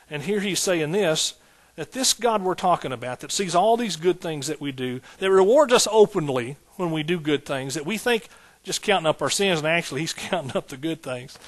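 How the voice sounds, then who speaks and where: A man preaching from the pulpit, his voice sitting a touch high for a man. He drives his points home with repeated phrases and slips into homey, conversational asides between them. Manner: repetitive preaching cadence, folksy asides. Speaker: pastor. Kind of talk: sermon.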